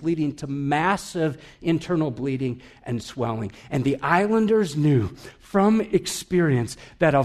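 A man preaching a sermon as a pastor, telling stories and swinging from emphatic to hushed. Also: on the high side.

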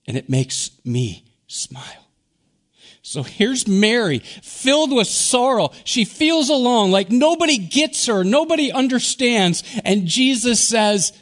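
A middle-aged pastor from Wisconsin preaching a sermon, earnest, often sinking to a hushed soft emphasis. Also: male voice, high-pitched. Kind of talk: Easter sermon.

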